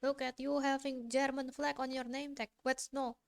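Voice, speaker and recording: A woman's voice: sits high, little pitch movement, moderate pace, gravelly, noisy background. A woman streaming a game, chatting casually and giggling often. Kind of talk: casual gaming commentary. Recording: game music underneath.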